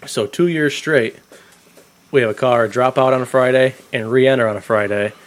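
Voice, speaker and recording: A man's voice: medium pitch, moderate pace. A man co-hosting a casual podcast, telling profane stories and acting out phone calls. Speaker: podcast co-host, race organizer. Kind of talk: casual chat.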